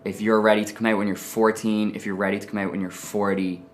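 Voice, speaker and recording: A man with an Irish accent, telling his own story to camera in a frank, animated way. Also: on the low side, fast talker. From Ireland. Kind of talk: personal testimony to camera.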